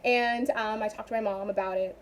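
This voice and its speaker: A young woman chatting casually in a vlog, animated and rambling with frequent asides. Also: mid-range voice, brisk. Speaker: vlogger.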